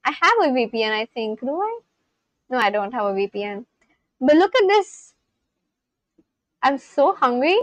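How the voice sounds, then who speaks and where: A young woman from India chatting casually on a livestream, reading out viewers' comments and reacting with gushing excitement. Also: high voice, moderate pace, pauses often, no echo, low-quality recording. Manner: gushing, reads chat aloud and reacts.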